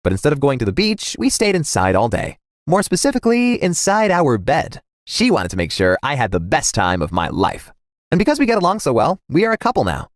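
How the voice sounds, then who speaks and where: A man narrating a scripted first-person story in a dramatic, animated way. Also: medium pitch, fairly quick, no echo, studio quality.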